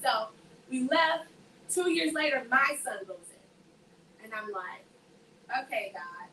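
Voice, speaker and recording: A woman shares her faith testimony with a group, animatedly acting out each person in her story. Her voice sits a little high and sounds bright and forceful. She is caught from some distance off the mic, in an echoey room with a faint hiss underneath. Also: expressive, slow pace. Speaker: speaker giving a faith testimony.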